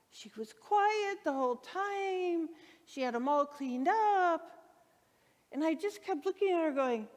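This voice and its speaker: Woman minister, sermon, enthusiastic storyteller; slightly high voice, long hall reverb. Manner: enthusiastic storytelling, acts out her own excited shouts. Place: church hall. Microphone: handheld microphone.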